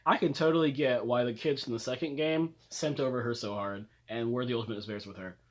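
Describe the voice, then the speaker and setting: A young man ranting comedically about favorite characters, swearing, laughing and talking dramatically. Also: fast talker. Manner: animated, swearing, laughing, dramatic jumps up in pitch. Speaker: video creator reviewing characters. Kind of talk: comedic casual rant.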